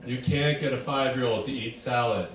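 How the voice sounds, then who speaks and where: A man's voice: mid-range voice, moderate pace, a little hiss or hum. A young man from New York City doing a rambling, self-deprecating stand-up set, full of fillers and restarts, at a live venue. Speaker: stand-up comedian. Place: barn venue with live audience. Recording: echoey room, distant mic, audience.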